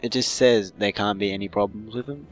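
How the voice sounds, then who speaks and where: A man's voice: fairly low pitch, brisk, faint music behind. A man giving casual, joking commentary while playing a game, rambling and unsure. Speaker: gamer.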